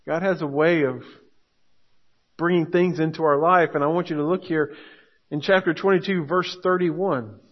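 High-voiced man preaching. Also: steady tone, normal speed, lo-fi sound. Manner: earnest preaching, rising to emphatic urgency. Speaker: pastor. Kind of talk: sermon.

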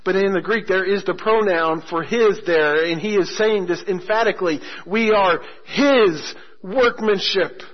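A man preaching a sermon as a pastor, telling stories with humor and slowing down hard on key phrases. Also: high-pitched. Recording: muffled lo-fi sermon recording.

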